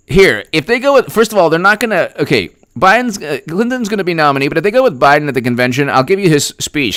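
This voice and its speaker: A man's voice: on the high side, quick pace, few pauses, no echo, studio quality. Sarcastic male political commentator. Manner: mocking, deadpan sarcasm. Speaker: host.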